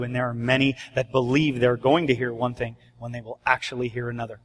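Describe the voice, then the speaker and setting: A man's voice: medium pitch, flat delivery, a little fast, in a large hall. A man preaching a sermon as pastor, urgent and conversational, often acting out bits of dialogue. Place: church sanctuary.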